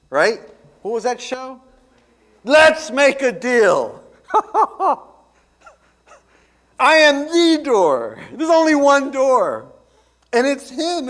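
A man, a pastor, delivering a radio ministry sermon with emphatic, deliberate preaching that repeats key phrases. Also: high-pitched, fairly bright tone.

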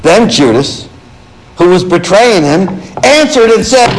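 Male pastor, sermon delivery, higher-pitched and very lively, quizzes the congregation. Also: a little slow, a little hiss or hum, poor audio. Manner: animated, rhetorical questions to the congregation. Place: church.

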